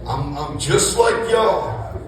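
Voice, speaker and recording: A man in his fifties telling a profane, animated story to a live crowd, laughing and shouting punchlines. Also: on the high side, slow pace, music in the background. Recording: echoey live venue from far off with loud crowd.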